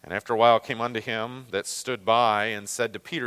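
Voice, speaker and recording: Man, Great Lakes American accent, Bible lesson, bright voice, long hall reverb. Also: mid-range voice, fairly even intonation, fairly quick, few pauses, clean tone. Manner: conversational, with frequent fillers and restarts. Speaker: Bible teacher.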